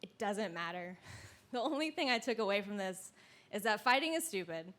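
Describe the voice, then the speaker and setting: A woman in her thirties telling a true story live, with wry, deadpan comic asides. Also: mid-range voice, normal speed.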